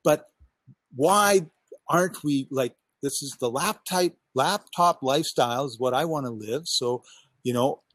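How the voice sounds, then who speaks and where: A man coaching on podcasting in a casual chat over a headset mic, talking with lively enthusiasm and acting out his own thoughts. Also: medium pitch, unhurried, no echo. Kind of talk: casual video call chat. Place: outdoors on a backyard balcony.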